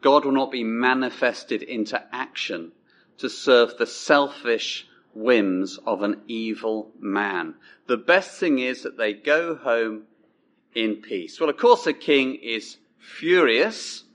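Male preacher, sermon delivery, slow and emphatic, mid-pitched voice. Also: a bit bright. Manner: measured, emphatic, drops low on key words.

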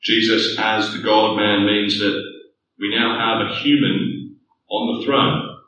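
A man's voice: fairly low pitch, level tone, slow pace, pushed and bright, dull audio, a little hiss or hum. A man preaching a sermon, earnest and building to rhetorical questions. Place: church hall. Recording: echoey distant church room mic.

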